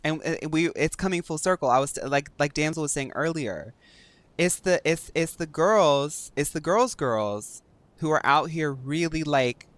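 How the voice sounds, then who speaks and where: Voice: mid-range voice, animated, moderate pace, no echo. A young adult streamer chatting casually and rambling with lots of fillers while gaming.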